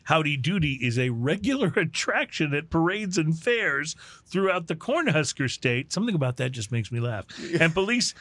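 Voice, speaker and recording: A man hosting a casual podcast who slips into a mock-newscaster delivery. His voice sits a little high and swings widely in pitch, and he laughs between lines. The sound is dry and close, with no room in it. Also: very animated, normal speed, a bit bright, no echo. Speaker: host. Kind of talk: casual podcast news banter.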